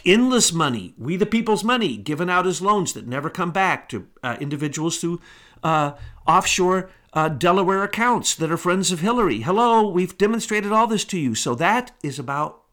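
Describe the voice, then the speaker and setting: A man's voice: high-pitched, a bit bright. Indignant man ranting on a talk show. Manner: emphatic, indignant, rhetorical questions. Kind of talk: conspiracy talk monologue.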